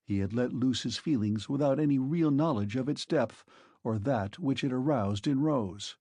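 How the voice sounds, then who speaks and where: A man narrating an audiobook in a measured, expressive manner. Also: mid-range voice, husky, no echo. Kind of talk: scripted narration.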